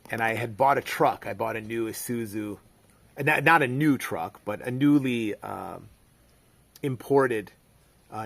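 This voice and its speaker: A man's voice: on the low side, creaky. A middle-aged man, telling a rambling story in a casual monologue full of fillers and restarts. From United States. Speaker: vlogger.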